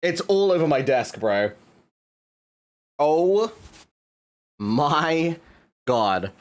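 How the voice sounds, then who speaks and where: A male livestreamer chatting casually to his viewers, exasperated and swearing a lot as he cleans up. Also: on the high side.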